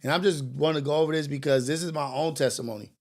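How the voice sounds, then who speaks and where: A young man hosting a morning show, talking in an animated, preachy and confessional way, with slang and cursing. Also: on the high side, fast. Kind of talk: casual commentary monologue.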